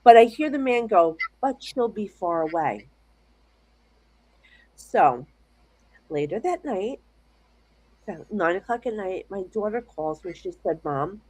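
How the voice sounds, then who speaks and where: A middle-aged American woman, a psychic medium, telling stories in a casual interview from her home office over a video call, talking in an animated, rambling way with many restarts. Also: fairly low pitch.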